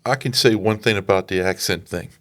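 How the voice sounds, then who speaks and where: A man with a New Orleans accent speaks in a fairly low voice. He tells anecdotes on a casual film podcast and laughs often as he talks. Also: a little fast. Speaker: podcast co-host.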